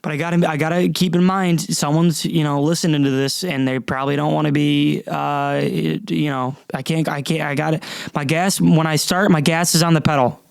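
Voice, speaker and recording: A young man rambles through a casual podcast, doubling back on himself and swearing freely. His fairly high voice has a gravelly edge yet stays clear and smooth. He sits at a camera and computer, and the room adds almost no echo. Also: fairly even intonation, normal speed. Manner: rambling, self-interrupting, profane. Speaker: podcast host. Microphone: camera and computer at a desk.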